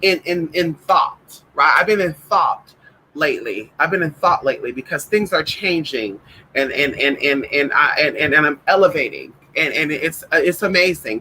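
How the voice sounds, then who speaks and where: Man chatting on a livestream, kinda high voice, gushy and repeats himself a lot, calls everyone honey. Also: pushed and bright, a little hiss or hum, rough recording. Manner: effusive and repetitive, calls viewers "honey"; frank, with casual swearing. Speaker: spiritual reader hosting a livestream. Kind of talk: casual livestream chat with viewers.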